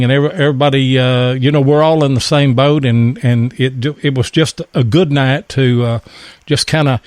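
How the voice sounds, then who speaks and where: A male host of a call-in radio show, speaking haltingly and with many fillers. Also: mid-range voice, dry recording. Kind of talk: casual radio show talk.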